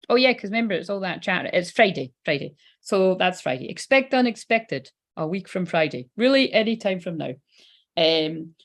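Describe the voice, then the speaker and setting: A woman's voice: on the low side, sing-song, normal speed, gravelly. A Scottish woman giving a casual live tarot reading, chatty and swearing freely. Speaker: psychic tarot reader.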